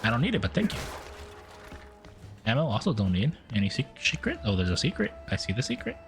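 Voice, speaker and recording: A male streamer gives casual commentary on a game as he plays. His voice is very lively, and his pitch jumps up and down. Faint game music plays under him. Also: a little fast. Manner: playful, swears often, swings his pitch.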